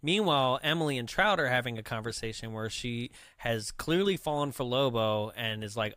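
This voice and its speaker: A man's voice: medium pitch, animated, normal speed, few pauses, a bit bright, no room sound. A man co-hosting a podcast, casually rambling through a film recap with lots of 'like' and 'right?'. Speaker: podcast co-host.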